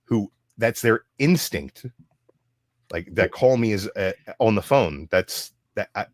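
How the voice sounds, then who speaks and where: A man hosting a casual live stream chat, swearing freely and telling stories in an animated way. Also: on the low side, slow, no echo, clean studio sound. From United States. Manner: profane, ranting, animated storytelling. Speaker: show host.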